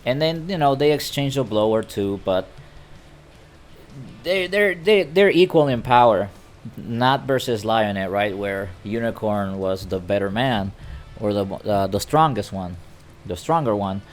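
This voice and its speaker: A man's voice: on the low side, lively intonation, unhurried, slight background noise. A man casually retelling an anime episode to a camera, chatty and stammering. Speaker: anime recap vlogger. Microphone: talking to a camera.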